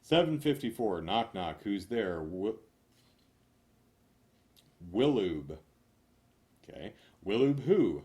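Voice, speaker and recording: Low-voiced man rattling off knock-knock jokes, swings up loud on punchlines, mutters asides. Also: takes it slowly, pauses often. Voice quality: animated, jumps between loud punchlines and mumbled asides. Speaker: comedian reading jokes. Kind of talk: rapid-fire joke reading.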